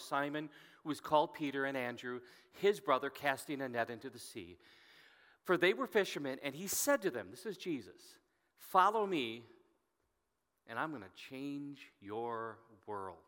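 Male pastor, bright forceful voice, storytelling sermon, reads scripture with rising emphasis, long hall reverb. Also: mid-range voice.

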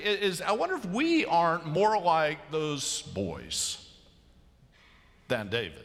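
A man's voice: mid-range voice, very animated, unhurried, a bit bright. A man preaching a sermon as pastor, conversational and self-amused, slipping into voices of biblical figures. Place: large church sanctuary. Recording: long hall reverb of a church.

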